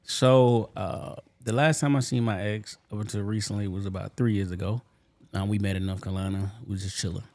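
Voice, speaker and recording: A man's voice: on the low side, fairly even intonation, brisk, a little mellow. A man co-hosting a podcast, telling a story in a laid-back, slangy way and laughing along. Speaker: podcast co-host. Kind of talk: casual chat and storytelling.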